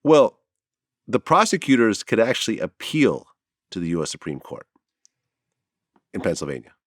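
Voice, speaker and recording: Deep-voiced man asking probing questions. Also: big pitch swings, normal speed, no echo, studio quality. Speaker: interviewer host. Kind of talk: interview questions.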